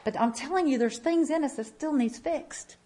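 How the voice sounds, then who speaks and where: A woman's voice: sits high, moderate pace, mellow. A woman in her fifties giving an impassioned church testimony, emphatic and repeating phrases as she tells her story.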